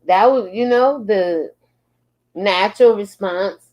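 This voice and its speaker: Slow and drawling, this woman hosts a casual commentary channel, reading posts aloud and laughing often as she reacts. Her voice sits at medium pitch with a slightly mellow quality.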